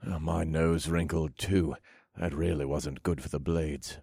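Deep voiced guy reading an audiobook, steady pace, dry recording. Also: gravelly, slightly rough, no echo. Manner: steady, measured storytelling. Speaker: audiobook narrator. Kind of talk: scripted first-person narration.

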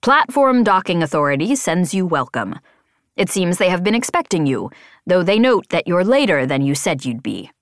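A woman voicing a calm, courteous alien patrol pilot who speaks formally. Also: lowish voice, normal speed, no echo, clean studio sound.

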